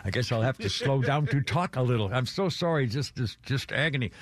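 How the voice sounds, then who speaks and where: A man's voice: mid-range voice, lively intonation, fairly quick, slight background noise. An older man hosting a talk radio show, rambling through gossip with wry, self-deprecating humor. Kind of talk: casual talk radio chat.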